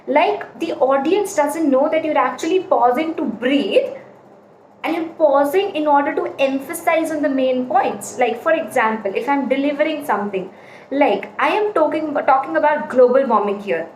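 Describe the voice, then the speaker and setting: High-voiced woman coaching in an echoey room. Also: normal speed. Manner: explains with repeated examples, emphatic. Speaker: public speaking coach. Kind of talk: casual spoken lesson. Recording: echoey room, faint ambient noise.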